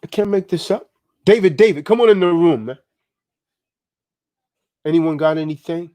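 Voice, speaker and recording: Hosting a live stream, a man preaches with passion and exhorts his listeners, often ending lines with "man." His voice is fairly high and mellow, at a normal pace, and the recording is dry.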